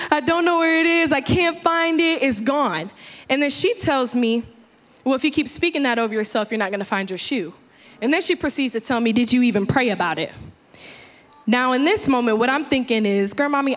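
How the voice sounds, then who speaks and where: A fifteen-year-old girl giving a sermon on a church stage, telling stories with lively acted asides and building to impassioned shouts. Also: on the high side. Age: 15 years old. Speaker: youth speaker. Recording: long church hall reverb.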